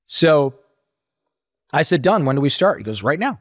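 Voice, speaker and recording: A man's voice: on the high side, very animated, normal speed, fairly bright tone, no echo, studio quality. A middle-aged man telling his story as an interview guest, acting out quoted voices as he talks.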